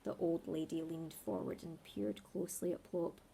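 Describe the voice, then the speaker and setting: A woman reading a children's story aloud in a slow, expressive way. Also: on the low side, vocal fry, slight background noise.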